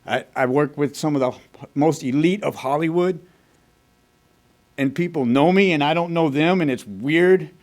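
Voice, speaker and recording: Man from Texas, somewhat higher voice, blunt and profane storyteller at a group meeting. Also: normal speed. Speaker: recovery meeting speaker. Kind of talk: personal recovery story told to a meeting. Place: recovery group meeting room.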